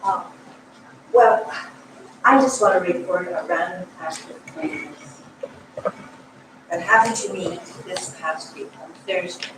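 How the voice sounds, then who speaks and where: A woman's voice: fairly low pitch, slow pace, long pauses. An older woman shares a heartfelt, choked-up story with her congregation. She is picked up from a distance, so her voice comes through an echoey hall with plenty of background noise. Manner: warm, emotional storytelling. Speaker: parishioner. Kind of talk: personal story at a church meeting. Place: church hall. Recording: echoey hall, mic from far off, noisy.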